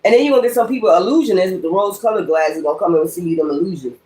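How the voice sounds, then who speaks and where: A woman's voice: on the low side, racing, mellow. A woman giving a spoken tarot reading in a blunt, profane, ranting manner. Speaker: tarot reader. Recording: echoey room.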